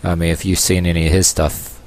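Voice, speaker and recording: Very deep-voiced man rambling on camera. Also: flat delivery, darkish tone. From United States. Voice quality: long-haired, calls himself a hippie. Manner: halting, many uh fillers and restarts, sarcastic asides. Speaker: vlogger. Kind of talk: rambling opinion monologue.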